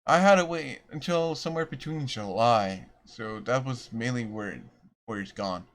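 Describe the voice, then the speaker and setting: A man's voice: medium pitch, moderate pace, a little hiss or hum. A young man rambling through a storytime vlog, self-deprecating and restarting his sentences often. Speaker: vlogger.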